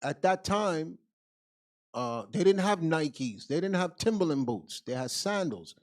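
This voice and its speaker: A man with a fairly high voice leads a Bible class as a deacon, answering viewer questions. He talks bluntly and emphatically in casual street speech and keeps checking in with a pointed "Okay?". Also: sing-song, a little slow.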